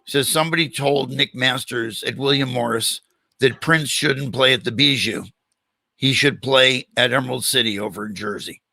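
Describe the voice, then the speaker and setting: Older male host and animated storyteller, bright tone, dry studio sound. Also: medium pitch, normal speed, vocal fry, no echo. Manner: animated storyteller, acts out quoted dialogue. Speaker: podcast host. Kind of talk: storytelling in a casual interview.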